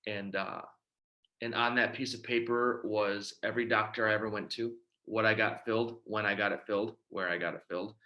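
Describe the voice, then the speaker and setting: A man's voice: on the low side, steady tone, a little fast, dull audio. A man from Michigan giving a personal testimony talk about his recovery, telling the story and acting out the dialogue. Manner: storytelling, acts out quoted dialogue. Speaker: recovery speaker.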